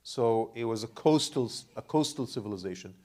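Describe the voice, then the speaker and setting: A man's voice: medium pitch, expressive, moderate pace, dark tone. A man, an imam, teaching Quran commentary to a class, asking them questions and often repeating words as he goes. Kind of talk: classroom lecture with questions to the audience.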